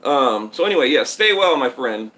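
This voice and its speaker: A man's voice: mid-range voice, very animated, normal speed, pushed and bright. A man hosting a boxing channel live stream, chatting casually and rambling to his viewers while reading their comments from a tablet at home. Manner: rambling, talks straight to viewers, reads comments. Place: home setup in Texas.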